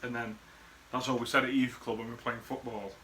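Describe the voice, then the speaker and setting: Bright-voiced bloke rambling fondly. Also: male voice, mid-range voice, little pitch movement, fairly quick, slight background noise. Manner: rambling, sweary, chuckling. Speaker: friend recording a birthday message. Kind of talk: casual rambling reminiscence.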